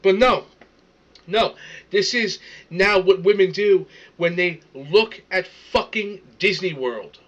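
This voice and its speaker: A man's voice: sits high, slow pace, a bit bright, highs cut off. A man ranting in casual commentary, swearing often and stammering as he repeats words. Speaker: streamer reacting to a video.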